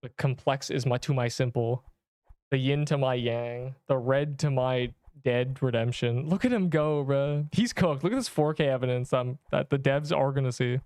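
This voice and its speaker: A man's voice: medium pitch, normal speed, darkish tone, dry recording, clean studio sound. A man in his twenties livestreaming a game, chatting casually and rambling as he reads chat messages aloud.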